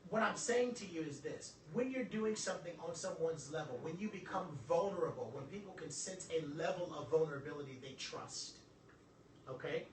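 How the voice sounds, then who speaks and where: A man's voice: on the high side, normal speed. A man giving a live talk to an audience, joking and preaching as he teaches. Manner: animated, joking, preacher-like delivery. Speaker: motivational speaker. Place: event room with audience. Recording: echoey room from far off, some noise.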